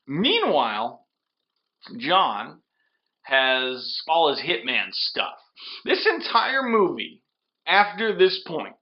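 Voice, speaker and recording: A man's voice: on the high side, muffled recording. A drunk man rambling through a comedic movie recap, with lots of restarts and fillers. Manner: rambling, slurring storyteller with restarts.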